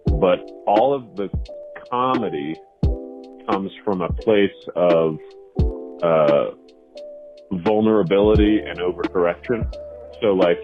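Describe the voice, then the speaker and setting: A man who does stand-up, talking reflectively in a casual phone chat and often saying "you know.". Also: low voice. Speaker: stand-up comedian. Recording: tinny phone line with music behind.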